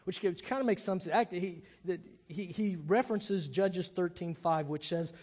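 A man's voice: high-pitched, moderate pace, darkish tone. A man, a pastor, gives a thoughtful, conversational sermon in a large reverberant room.

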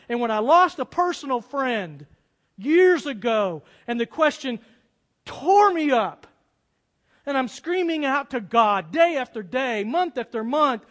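High-voiced pastor preaching in a big hall. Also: male voice, sing-song, normal speed. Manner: earnest, swings from loud to hushed. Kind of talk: sermon. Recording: long hall reverb.

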